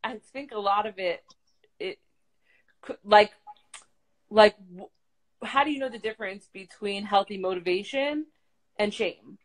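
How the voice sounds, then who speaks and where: Over poor audio, a woman with a mid-range voice hosts a casual livestream conversation. She asks her questions haltingly and hesitantly, restarting many times.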